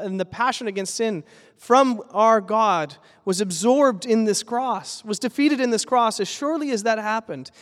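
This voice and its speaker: A pastor preaching a sermon in an earnest, emphatic way, building with repeated phrases. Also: male voice, a little high, big-room sound.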